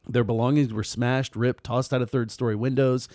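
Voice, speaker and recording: A man's voice: mid-range voice, level tone, moderate pace, no room sound, studio quality. Sarcastic man co-hosting a podcast. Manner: dark sarcastic humor, frequent laughter and swearing. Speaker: podcast co-host reading the case. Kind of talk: casual true-crime chat.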